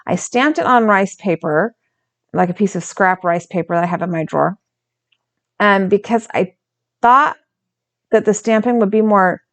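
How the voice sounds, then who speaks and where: A woman's voice: mid-range voice, normal speed, long pauses. A woman hosting a craft channel, narrating her art journal process in a casual, chatty way, often correcting herself and stumbling over words.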